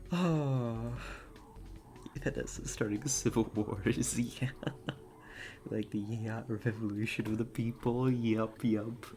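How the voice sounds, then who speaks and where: Slow, chatty woman streaming a game. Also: extremely low pitch, fairly even intonation, warm tone. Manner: slow, chatty and easily moved, with lots of fillers and laughter. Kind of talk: casual live-stream commentary.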